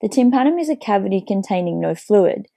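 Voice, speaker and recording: Woman, lesson narrator, some vocal fry, dry close recording, self-correcting delivery. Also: medium pitch, expressive, fairly quick, dark tone, no room sound. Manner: reads steadily, correcting herself with "sorry". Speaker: biology teacher.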